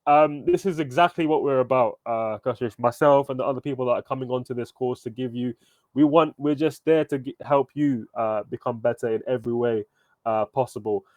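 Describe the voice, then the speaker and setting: A man leads a live online workshop with upbeat, encouraging energy, greeting participants by name and checking in constantly. His voice sits at a middling pitch. The sound is dry and close, as if picked up by a computer mic with no room around it. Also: brisk, no room sound. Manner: energetic, encouraging, addresses participants by name, frequent "okay?" and "right?". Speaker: workshop coach.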